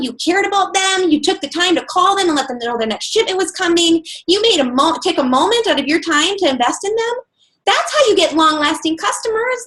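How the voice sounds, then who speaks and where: A woman speaking quickly on a group conference call, her voice set high. She talks with earnest, rapid-fire passion, giving a motivational sales talk. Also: a bit bright, low-quality recording. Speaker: guest speaker. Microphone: phone or computer on a conference call.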